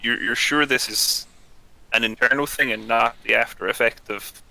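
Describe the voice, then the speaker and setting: A man speaking as his calm, inquisitive tabletop character, asking slow, measured questions. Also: medium pitch, creaky, rough recording. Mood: curious. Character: calm, inquisitive player character, male adventurer.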